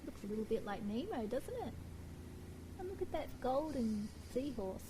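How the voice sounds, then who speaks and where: A woman co-hosting a children's storytime, her voice sitting a little high. She gushes over everything with warm delight, with a faint hiss of noise behind her. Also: lively intonation, moderate pace. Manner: gushing and warm, laughing often.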